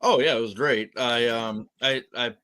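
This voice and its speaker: A man's voice: medium pitch, normal speed, pushed and bright. A man co-hosting a casual show review, playful and teasing. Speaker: podcast co-host.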